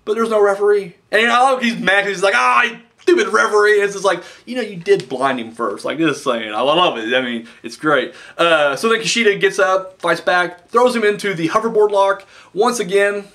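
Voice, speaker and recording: Young dude ranting about a wrestling show, bright voice, slightly high, swears a lot. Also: male voice, normal speed, hardly any pauses. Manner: excitable, rambling, swears. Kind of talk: casual recap chat.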